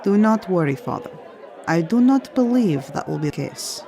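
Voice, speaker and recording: A performer voicing a dutiful young woman, daughter of a spy, with a formal, deadpan manner. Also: medium pitch, moderate pace, gravelly. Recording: crowd chatter behind.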